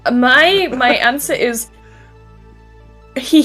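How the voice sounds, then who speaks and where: A woman's voice: on the high side, unhurried, soft background music. A young woman chatting casually as an interview guest on a voice call, laughing often and swearing now and then. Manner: giggly, swearing, lively. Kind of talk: casual online chat.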